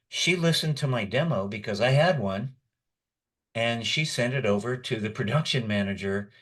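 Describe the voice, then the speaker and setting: A man's voice: on the low side, a bit bright. A man in his sixties, a guest voice actor, telling long rambling anecdotes with chuckles in a casual chat. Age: 60s. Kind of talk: casual storytelling.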